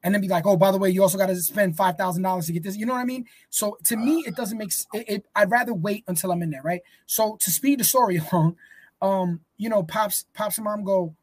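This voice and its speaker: A man's voice: high voice, quick pace, darkish tone, dry recording. A man co-hosting a podcast in casual chat, rambling and swearing freely. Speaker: podcast co-host.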